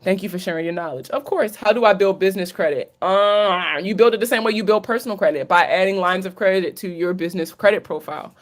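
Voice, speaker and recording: A woman hosting a live Q&A as a credit coach talks fast at medium pitch, barely pausing. Hailing from Maryland, USA, and carrying its accent, she answers viewer questions in a relaxed, candid style full of slang and curse words.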